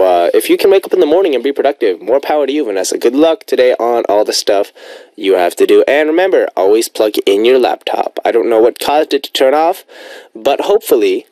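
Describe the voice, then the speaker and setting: A man's voice: medium pitch, a little mellow, no echo. A young man hosting a radio show in a studio, chatting casually and rambling playfully between listener messages. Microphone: studio microphone.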